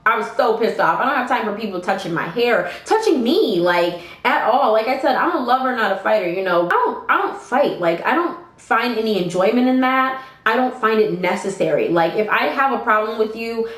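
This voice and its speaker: A young woman vlogger retelling a story in a casual, animated way, swearing freely and talking straight to her viewers. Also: on the high side, a little fast, hardly any pauses. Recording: roomy echo.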